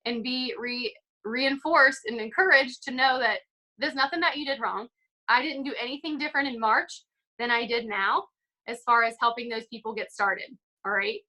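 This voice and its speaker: On a video call, a young woman chats in an upbeat way, dropping in plenty of casual fillers as if she's encouraging a team. Her slightly high voice has a bright, forward ring, and she talks at normal speed. It's casual motivational call talk, and the recording is rough.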